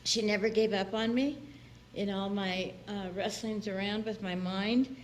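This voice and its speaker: A woman's voice: medium pitch, fairly even intonation, unhurried. Chatty woman minister giving a sermon. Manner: chatty and personal, laughs often, acts out quotes. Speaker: guest minister. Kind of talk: conversational sermon. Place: church sanctuary.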